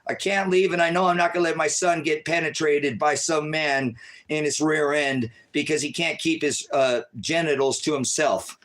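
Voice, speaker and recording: Man, live-stream rant, stressed, rambling, jumps between loud and quiet. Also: on the high side, fairly even intonation, moderate pace. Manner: rambling, stressed, swings between shouting and muttering.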